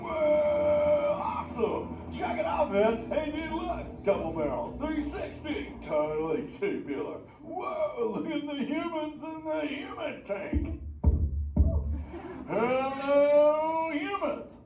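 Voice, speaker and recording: A man voicing a laid-back, excitable young male sea turtle who talks in surfer-dude slang and banters with the audience. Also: very high-pitched, slow pace, over music, heavily acted. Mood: stoked. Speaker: live show character talking with the audience. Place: theater with a live audience. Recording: echoey theater from far off, noisy.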